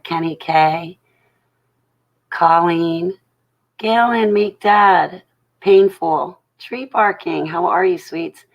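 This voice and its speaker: A woman's voice: sits low, poor audio. A woman hosting a casual livestream from home, greeting her chat viewers one by one with affection. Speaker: livestream host. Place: at home at night.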